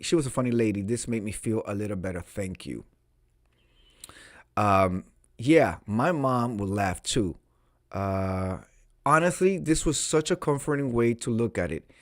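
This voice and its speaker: A man's voice: fairly low pitch, dry recording. Campy guy reading confessions to his viewers, dry close sound, sassy little asides. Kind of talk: casual chat.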